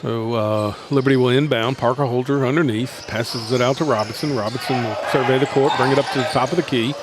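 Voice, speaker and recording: A man calling live basketball play-by-play from a high school gym, running the action steadily and correcting himself quickly. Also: fairly even intonation, background noise. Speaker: play-by-play announcer. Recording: gym ambience and ball bounces.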